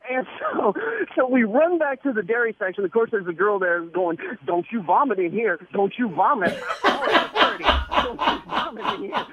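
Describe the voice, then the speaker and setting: A man's voice: extremely high pitch, noisy background. A man calling in to a radio show, telling a rambling, self-mocking comic story with stammers and laughs over a phone line. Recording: tinny phone line with studio talk behind.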